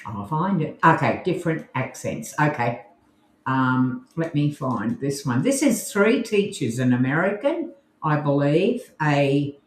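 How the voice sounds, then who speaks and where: Tired podcast co-host, very slow unhurried talk, roomy echo, faint background hiss. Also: medium pitch, a little mellow. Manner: unhurried, thinking aloud while fumbling with screen sharing. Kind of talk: casual live podcast chat. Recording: roomy room with faint noise.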